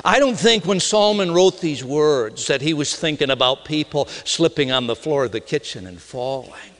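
A middle-aged man from Minnesota with a Minnesota accent, a pastor preaching a storytelling sermon with sudden excited outbursts. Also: on the high side, moderate pace. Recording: long reverb of a large hall.

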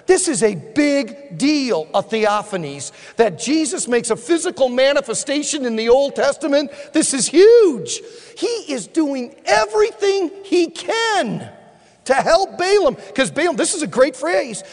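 Male preacher, bright high register, swings wide between loud acted-out scenes and hushed appeals; long reverb of a big hall. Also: unhurried. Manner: animated storyteller who acts out scenes; drops to a hushed, intimate tone for appeals. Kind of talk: sermon. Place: church hall.

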